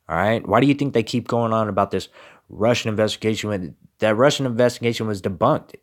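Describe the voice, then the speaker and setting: A man's voice: on the low side, brisk. A man giving emphatic political commentary and reading scripture, with repeated rhetorical questions. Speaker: religious commentator.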